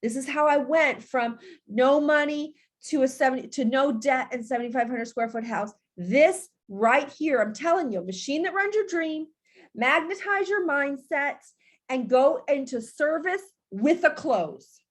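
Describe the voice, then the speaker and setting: A middle-aged woman coaching her audience in a high, bright-pitched voice. She talks emphatically and preachily, hammering her points home by repeating phrases. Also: moderate pace. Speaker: business coach. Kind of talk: motivational talk to camera.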